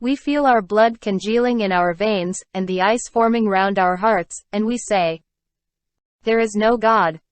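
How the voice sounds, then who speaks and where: A woman's voice: medium pitch, no room sound, lightly acted. A woman voicing a ferocious, starving male innkeeper who rants with scorn, in a storybook reading. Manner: ranting, scornful.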